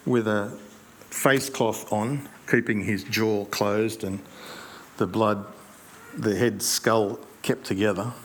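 A male pastor preaches in an easy, conversational storytelling manner, pausing to reflect. A faint hum of room ambience sits behind him. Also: on the low side. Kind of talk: sermon.

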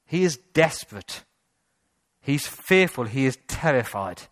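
A man's voice: mid-range voice, very animated, unhurried, fairly bright tone, dry recording, clean studio sound. A man preaching a sermon in a church, asking rhetorical questions and building to emphatic passages. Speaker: pastor. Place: church hall.

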